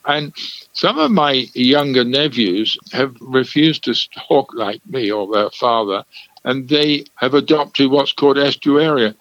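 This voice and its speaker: A man's voice: medium pitch, measured pace, a bit bright, dry recording, highs cut off. An older man, explaining language history in a discursive, lecturing way during a radio interview. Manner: discursive, lecturing, with small chuckles. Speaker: language expert.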